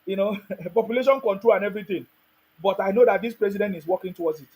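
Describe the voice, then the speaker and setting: A man's voice: high-pitched, quick pace, darkish tone, slightly rough, poor audio. A man with a Nigerian accent hosting a show, giving emphatic political commentary, with rhetorical questions and bits of Pidgin. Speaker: online show host.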